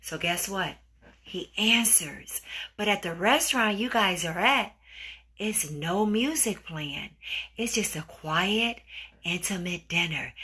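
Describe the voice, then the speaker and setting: Brief: woman podcast host, lively swooping delivery, bright tone, acts out voices. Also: mid-range voice, breathy edge. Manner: animated, acts out dialogue with sound effects. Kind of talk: storytelling relationship advice.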